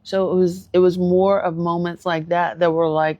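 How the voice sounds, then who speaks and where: A woman's voice: fairly low pitch, flat delivery, normal speed, mellow, no echo, lo-fi sound. A woman therapist giving her casual thoughts on a show, thoughtful and hesitant with many ums and restarts. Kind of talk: casual video commentary.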